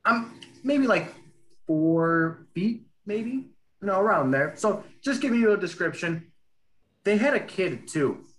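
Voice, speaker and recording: A man's voice: high voice, expressive, slow pace, a bit bright, rough recording. A man from Kansas, a podcast co-host and sports reporter, telling a rambling story in casual chat with many fillers.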